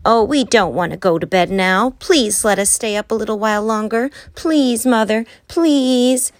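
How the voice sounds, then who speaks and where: A woman's voice: a little high, normal speed, pitched above the performer's own voice, lightly acted. A woman doing a whiny little girl begging. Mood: pleading. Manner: pleading, whiny. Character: whining young girl begging to stay up.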